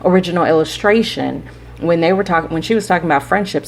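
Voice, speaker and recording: The host of this spiritual podcast is a woman whose voice sits on the low side and moves a little fast. Her advice is rambling and preachy, aimed straight at listeners with frequent "right?" check-ins, and a faint hiss or hum can be heard.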